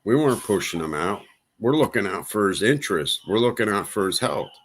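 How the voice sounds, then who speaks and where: A man's voice: lowish voice, lively intonation, brisk, a bit bright, breathy edge. A man hosting a livestream, venting in a casual monologue with exasperation and repeating himself for emphasis. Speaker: livestream host.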